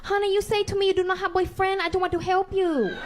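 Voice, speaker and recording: A woman comedian doing a loud, bold, scolding stand-up rant before a live crowd. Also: very high voice, flat delivery, quick pace, noisy background.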